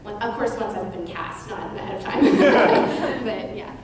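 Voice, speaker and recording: A woman's voice: mid-range voice, unhurried, recorded from a distance. A young woman, a voice actor on a convention panel, talking in a bubbly way and laughing easily. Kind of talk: casual panel talk. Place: large convention hall. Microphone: far from the camera mic. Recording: echoey noisy hall from the audience.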